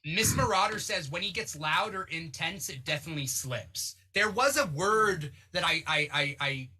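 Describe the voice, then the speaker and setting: A man hosting a podcast, joking with guests and reading viewer comments. His voice is very bright with a husky edge. The pitch swings widely as he talks. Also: moderate pace. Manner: animated, reads out chat comments, jokey. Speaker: podcast host. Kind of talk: casual podcast chat.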